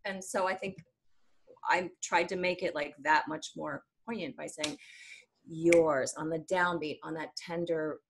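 A middle-aged woman, a singer-songwriter, talking casually in an interview, animated, laughing often and sometimes singing a phrase. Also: deep voice, normal speed, gravelly, noisy background.

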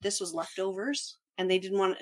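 A woman's voice: medium pitch, moderate pace. A middle-aged Canadian woman, a travel blogger guest on a podcast, explaining things in chatty casual talk and laughing often.

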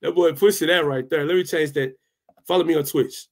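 A young man with a fairly high voice vents at his viewers in a loose, heated rant. He hammers the same lines again and again and swears without a second thought. He stops now and then to answer his live chat. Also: brisk. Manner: fired up, repetitive, swears freely. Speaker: tech channel host.

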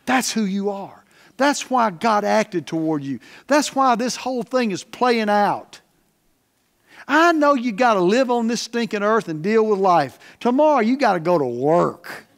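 A high-pitched, gravelly voice belongs to a man preaching as the pastor. He keeps it folksy and plain, emphatically shifting between loud stresses and quiet asides.

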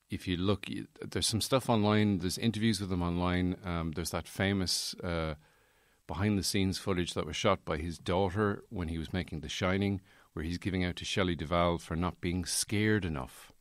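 A man hosting his own podcast, talking alone in a loose, digressive way. His voice sits low and deep. The recording is close and dry. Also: dry recording. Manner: rambling, digressive, many fillers. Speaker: podcast host. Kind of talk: casual solo monologue.

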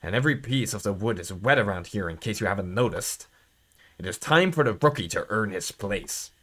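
A man doing a gruff old forest watchman. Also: lowish voice, lively intonation, brisk, fairly bright tone, voice pushed down. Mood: grumbling.

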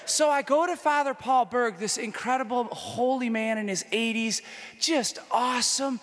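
A male priest giving a conference talk as a personal testimony, storytelling in a lively way that swings between loud enthusiasm and hushed intimacy. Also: very high-pitched, moderate pace. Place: conference hall. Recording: long hall reverb.

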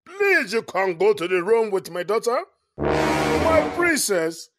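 A woman's voice: mid-range voice, very animated, takes it slowly, very noisy. A woman playing a stern, protective rich father who gives orders in a comedy skit. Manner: stern, commanding. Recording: music playing behind.

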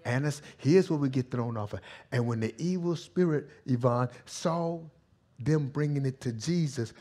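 A male pastor preaching a sermon in a vernacular style, swinging from hushed, intimate passages to loud shouting. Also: medium pitch, moderate pace.

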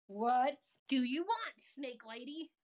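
A woman's voice: high voice, animated, slow, darkish tone. A woman player in a tabletop game, blunt and exasperated, swearing often. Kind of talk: casual tabletop play.

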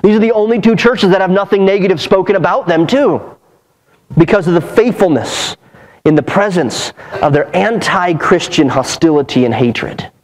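A man delivers a sermon from the pulpit, his voice sitting noticeably high for a man. He preaches earnestly and with emphasis, stacking repeated phrases to drive each point home. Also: animated, normal speed, low-quality recording. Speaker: pastor. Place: church sanctuary.

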